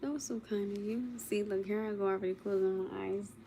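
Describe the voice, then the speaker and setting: A woman's voice: mid-range voice, fairly even intonation, fairly quick, mellow, slight background noise. A young woman chatting casually with viewers on a late-night livestream from her bed, sleepy and teasing, laughing often. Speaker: livestream host. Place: at home in bed.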